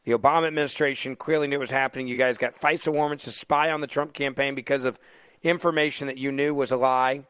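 A man's voice: medium pitch, steady tone, quick pace, fairly bright tone, clear, resonant tone, dry recording. A man hosting a talk radio show, mocking the news with heavy sarcasm and taking calls from listeners.

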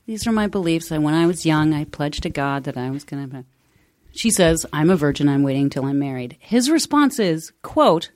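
A woman's voice: deep voice, lively intonation, normal speed, a little mellow, no room sound, studio quality. A woman podcast guest in casual chat, telling a scene with incredulous quoting. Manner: incredulous storytelling with quoted lines.

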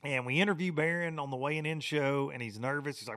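A man, hosting a podcast and telling a fishing tournament story in a lively, rambling way. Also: a little high, fast talker. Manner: animated storytelling, frequent restarts and repeats. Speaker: podcast host. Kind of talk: casual podcast monologue.

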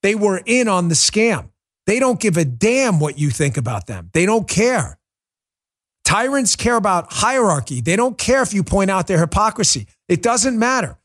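A man's voice: high voice, big pitch swings, normal speed, a bit bright. A man hosting a political commentary show, delivering a heated, emphatic monologue. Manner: fiery, emphatic, repetitive ranting.

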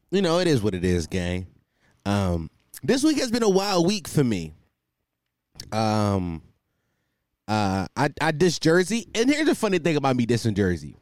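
Lively, profane male podcast host. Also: a little high, dry recording, studio quality. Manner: profane, joking, animated rambling. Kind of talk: casual comedic monologue. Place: hot room at home with a fan. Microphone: desk microphone.

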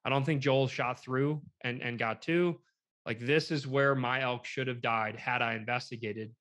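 Male storyteller, casual and rambling, animated quoted dialogue, emotionally shaken. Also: medium pitch, normal speed. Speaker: hunter telling a story.

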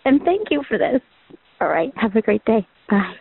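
A woman's voice: fairly high pitch, sing-song, moderate pace, vocal fry, slight background noise. A woman leaving a gushing, giggly voicemail for the hosts. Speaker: voicemail caller. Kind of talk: voicemail message. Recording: dry phone-line voicemail.

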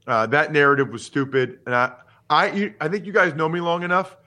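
A man in his forties hosting a casual sports podcast, talking in an animated, emphatic and opinionated way with jokes. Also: on the high side, brisk. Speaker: podcast host and former football player.

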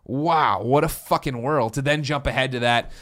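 A man in his thirties co-hosting a podcast, telling stories in an excitable, rambling way with lots of swearing and restarts. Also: medium pitch. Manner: fast, excitable storytelling with frequent swearing and restarts. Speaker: podcast co-host. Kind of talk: casual chat.

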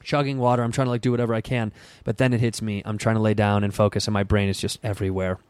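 A man's voice: on the low side, rapid-fire, clean tone, dry recording, studio quality. A young man telling a rambling party story in casual chat, acting out the voices of people he quotes. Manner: animated storyteller, acts out quotes in raised voice.

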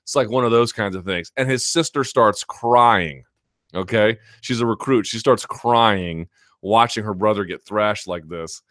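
A man's voice: fairly low pitch, unhurried, fairly bright tone, no echo, clean studio sound. A male host of a live chat show, telling a long story casually with many fillers and restarts.

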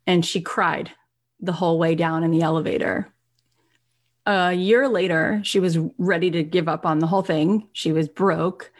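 A woman's voice: lowish voice, fairly even intonation, moderate pace. A middle-aged woman giving a motivational talk, telling a story earnestly and acting out the other people's lines. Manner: earnest, acts out quoted voices. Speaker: motivational speaker.

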